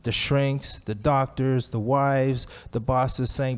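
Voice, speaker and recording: A man's voice: medium pitch, fairly even intonation, takes it slowly, smooth. A man tells his recovery story to his peers in a loose, chatty way. He pokes fun at himself and laughs often. His voice sits in the middle range for a man. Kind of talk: personal story at a recovery talk.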